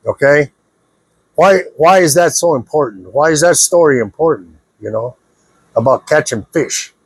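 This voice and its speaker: A man's voice: on the high side, slightly rough, no echo. A man talking straight to his viewers in a casual, preachy monologue. He repeats himself earnestly and keeps checking that they follow him. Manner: earnest, repetitive, keeps checking the listener understands. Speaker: vlogger giving advice.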